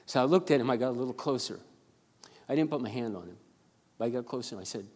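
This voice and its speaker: An older man preaching as a pastor, telling a story earnestly and haltingly, often repeating his words. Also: medium pitch, animated, darkish tone, husky. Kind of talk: sermon storytelling. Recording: long reverb of a large hall.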